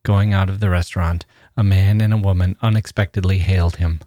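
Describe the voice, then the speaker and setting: A man hosting a podcast, giving a measured, deliberate reading of a short story. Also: sits low, steady tone, dark tone, no echo, clean studio sound. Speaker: podcast host. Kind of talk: literary reading.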